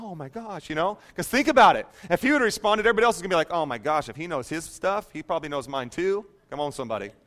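A man preaching a sermon, telling stories in an animated, self-mocking way with joking asides. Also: high-pitched.

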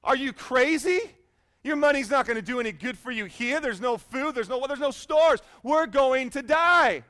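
A man voicing a panicking shipwrecked man who is frantic and near shouting. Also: very high-pitched, moderate pace, voice pushed up. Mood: panicked.

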